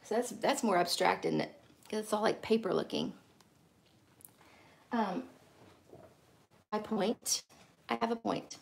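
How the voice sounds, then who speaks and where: A woman's voice: mid-range voice, gravelly, darkish tone. A middle-aged woman, chatting casually and rambling to live-stream viewers while teaching painting.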